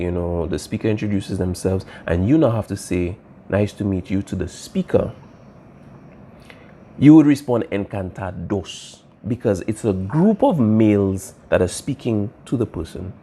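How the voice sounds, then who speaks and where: A man's voice: fairly low pitch, mellow. A man teaching a language class, explaining patiently and checking in with "all right?" as he goes. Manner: patient, repeats key points, asks "all right?" often. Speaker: Spanish teacher.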